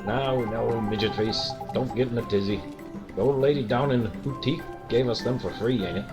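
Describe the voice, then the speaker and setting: A man's voice: medium pitch, normal speed, music in the background, natural voice. A man voicing a cheeky, rambling male fairy sidekick. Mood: teasing.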